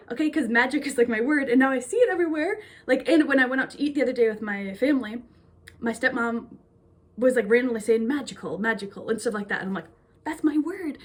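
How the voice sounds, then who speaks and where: Bubbly, slightly husky young woman. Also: a little high. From Minnesota. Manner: chatty, bubbly, rambling with many fillers. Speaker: vlogger. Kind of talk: casual chat.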